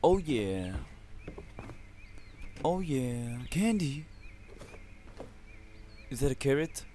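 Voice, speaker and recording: A man from Lebanon hosting his own channel, giving excitable, profanity-heavy commentary on a survival game and talking trash at the enemies. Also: medium pitch, very slow, slight background noise. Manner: excitable, swears constantly, talks to the enemies. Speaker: gaming channel host.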